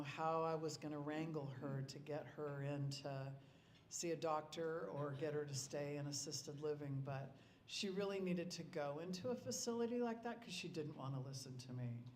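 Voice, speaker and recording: A man's voice: a little high, a little mellow, a little hiss or hum. Middle-aged man, memorial storyteller, rambling with restarts, voice ringing in a roomy hall with faint ambience. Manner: rambling anecdotes with frequent restarts. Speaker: eulogy speaker. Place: club hall.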